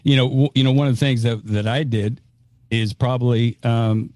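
A man's voice: mid-range voice, steady tone, normal speed, darkish tone, no echo. Man in a dry, close recording, musing. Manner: hesitant, many fillers like "you know", candid. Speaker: podcast host giving advice. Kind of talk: reflective conversational advice.

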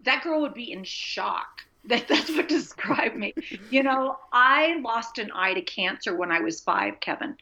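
A woman guest being interviewed, telling a personal faith story in an animated, earnest way. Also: on the high side, unhurried. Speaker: guest, Christian author and speaker. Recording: dull lo-fi sound.

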